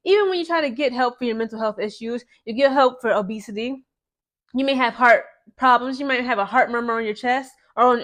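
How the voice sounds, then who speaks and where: A woman's voice: fairly high pitch, a bit bright. Woman ranting casually to viewers. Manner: repetitive, conversational, addresses viewers as guys; grows heated and emphatic. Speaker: commentary channel host. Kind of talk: casual commentary monologue.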